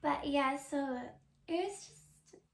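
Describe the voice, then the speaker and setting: A young woman hosting a podcast, telling a personal story in a casual, chatty way, full of "like" fillers and soft confiding asides. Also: high voice, slow pace, creaky, echoey room. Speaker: podcast host.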